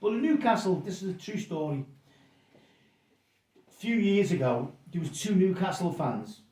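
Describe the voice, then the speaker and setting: A man's voice: high voice, moderate pace. Rambling middle-aged man, roomy. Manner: rambling, repeats words, animated anecdotes. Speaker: pub landlord guest. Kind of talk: casual storytelling interview. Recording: roomy sound from a distance.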